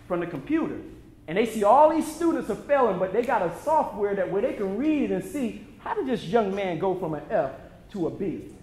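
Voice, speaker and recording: In an echoing hall at an event venue, an American man with a very high speaking voice preaches to a screening crowd. His motivational talk is impassioned and sermon-like, with each point pressed through emphatic repetition.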